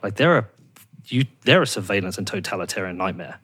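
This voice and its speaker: A man with a low, husky voice talks in a fired-up, profane rant. His pitch leaps high when he gets indignant, then drops back to a rough, gravelly-edged mutter. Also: lively intonation, brisk, fairly bright tone. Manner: fired up, swears a lot, voice jumps high when ranting. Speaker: podcast host. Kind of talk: heated casual chat.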